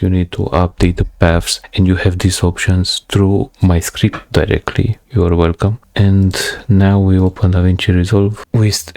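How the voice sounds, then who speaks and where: Deep flat-voiced man with a non-native accent. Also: no room sound. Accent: non-native English. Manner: thinks aloud while clicking through a program, halting phrasing. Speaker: software tutorial creator. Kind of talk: screen-recorded software walkthrough.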